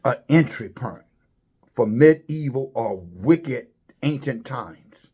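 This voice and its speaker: A man preaching a religious commentary, halting and repeating words, his voice climbing high when he stresses a point. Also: animated, dark tone, husky.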